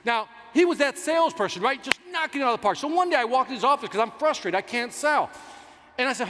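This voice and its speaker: A man giving a motivational sales keynote on stage in a large conference hall, telling stories in an animated, self-mocking way. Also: very high voice, fast, slight background noise. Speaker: keynote speaker. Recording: reverberant hall with faint ambience.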